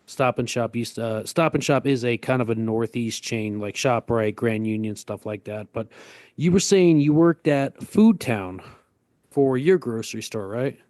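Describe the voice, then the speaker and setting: A middle-aged man from the Northeast United States spins a rambling story on a podcast, stopping and restarting as he acts out what people said. His voice sits in a middle pitch and is recorded close and dry, with no room sound behind it. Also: animated, moderate pace, a little mellow, no room sound. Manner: rambling, self-interrupting anecdote with acted-out quotes. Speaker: podcast co-host. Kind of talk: casual storytelling chat.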